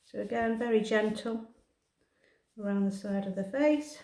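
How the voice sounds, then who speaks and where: A woman, a cat groomer, soothing the cat in gentle cooing words and explaining her work as she goes. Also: medium pitch, moderate pace. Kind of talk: talking through a grooming session. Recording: roomy echoey grooming room.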